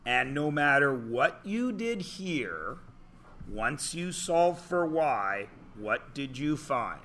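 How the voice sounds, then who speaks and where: A man's voice: mid-range voice, sing-song, slow, bright, forceful tone. A man teaching math to a class, giving instructions and explaining steps with dry, theatrical jokes. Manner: dry, theatrical joking with students. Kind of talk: classroom lecture.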